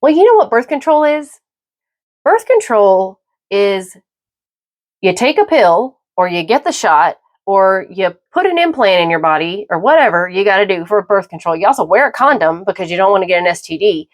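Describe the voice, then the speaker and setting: A middle-aged woman hosting her own podcast, talking through a personal, opinionated monologue in a halting, emphatic way. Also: mid-range voice, animated. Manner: emphatic, halting with repeated restarts. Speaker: podcast host.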